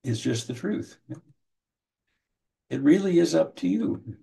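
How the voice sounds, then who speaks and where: A man teaching counseling skills in an online training session, speaking in a measured way, often repeating his first words and briefly acting out what a client and a counselor might say. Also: on the high side, animated, gravelly, dark tone. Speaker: trainer teaching motivational interviewing. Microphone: video call.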